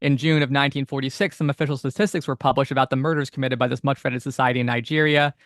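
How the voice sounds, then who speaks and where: Male podcast co-host, mid pitch, close and dry mic, reads text aloud then chats loosely. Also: steady tone, rapid-fire, a bit bright, no room sound. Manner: reads old text steadily, chats with many fillers. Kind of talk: casual chat, reading passages aloud.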